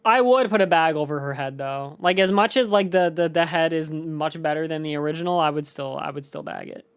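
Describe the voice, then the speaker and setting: A woman's voice: low-pitched, fairly quick, clear, resonant tone. A woman co-streamer chatting casually and laid-back, saying "dude" and "like" a lot while talking to chat.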